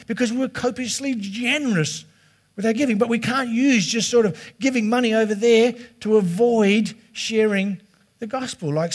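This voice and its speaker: A middle-aged man preaching a sermon as pastor in a chatty, conversational way. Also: a little high. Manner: chatty and conversational, slipping into quoted voices.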